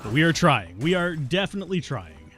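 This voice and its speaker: A man's voice: a little high, sing-song, fairly quick, fairly bright tone, soft background music. A man streaming a video game live, chatting casually and answering viewers' questions between plays, stubborn and self-mocking. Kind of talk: casual live gameplay commentary.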